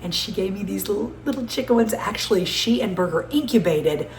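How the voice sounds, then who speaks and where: A woman's voice: mid-range voice, lively intonation, a little fast, a little hiss or hum. Gushing Southern woman in an echoey kitchen. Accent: Southern American. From Southern United States. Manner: chatty, gushing, laughs often. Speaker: cooking show host. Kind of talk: casual home cooking chat. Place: home kitchen. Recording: echoey kitchen with faint ambience.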